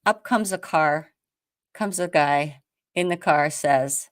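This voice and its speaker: A woman from the United States hosting a show, telling a story in a lively casual way, acting out quotes with many restarts. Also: deep voice, slow, dry recording, clean studio sound. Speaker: host.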